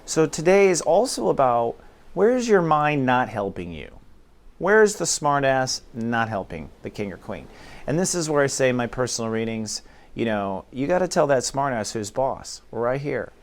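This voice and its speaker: A man of middle pitch gives a casual spiritual teaching. He talks informally and slips into quoted voices to act out inner dialogues. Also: big pitch swings, normal speed. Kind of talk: casual spiritual talk to camera.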